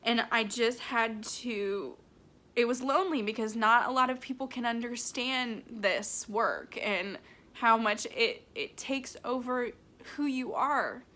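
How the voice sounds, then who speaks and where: A woman working as a medium, talking emotionally in a vlog, close to tears, halting with many restarts and fillers. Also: a little high, sharp tone.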